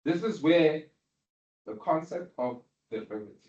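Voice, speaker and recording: A man's voice: a little high, expressive, measured pace, a little mellow, highs cut off. Man lecturing in a roomy hall. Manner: questioning, checks understanding often. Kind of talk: university lecture. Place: lecture room.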